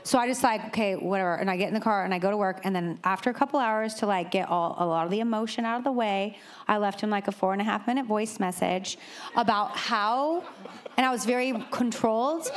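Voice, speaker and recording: A woman's voice: mid-range voice, brisk. A woman co-hosting a talk show, chatting casually and telling a laughing story about her marriage. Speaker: podcast co-host. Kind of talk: casual chat.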